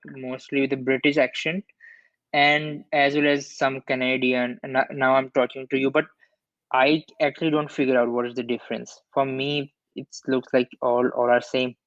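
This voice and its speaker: A man learning English speaks haltingly over a video call, restarting his sentences and searching for words. His voice comes through muffled and dry, with no room sound at all, at an ordinary middle pitch. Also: level tone, a bit bright, no room sound. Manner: halting, non-native phrasing, many restarts. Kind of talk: casual video-call chat.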